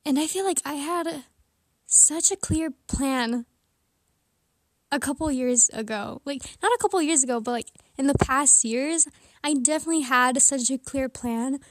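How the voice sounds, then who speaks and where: A woman's voice: high-pitched, measured pace, no echo, studio quality. A teenage girl talking in a casual, rambling monologue from under a blanket, a little out of breath, with giggly asides. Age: teens. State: slightly out of breath.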